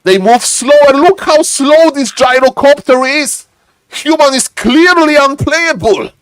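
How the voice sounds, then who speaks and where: A man streaming live commentary on a strategy game, lively and playful, teasing his chat. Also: unhurried, no room sound. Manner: lively, playful, keeps saying "ladies and gentlemen"; shifts into a deeper joking voice for a subscriber.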